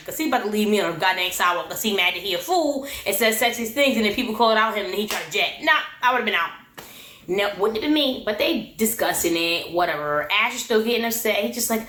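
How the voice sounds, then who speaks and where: A woman's voice: mid-range voice, expressive, quick pace, fairly bright tone. A woman giving a casual, sassy recap of a reality show, laughing often. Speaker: recap vlogger. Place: her room. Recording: echoey room.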